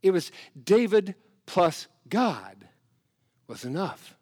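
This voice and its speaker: A man preaching a sermon as pastor, animated, swinging from loud emphasis to hushed asides. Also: mid-range voice, measured pace.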